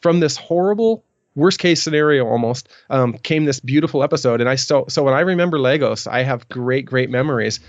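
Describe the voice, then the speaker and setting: A man's voice: mid-range voice, lively intonation, fairly quick, no echo. Middle-aged male guest, rambling storyteller, dry close sound, a little muffled. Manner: rambling, many restarts and ums. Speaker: podcast guest. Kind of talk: storytelling in an interview.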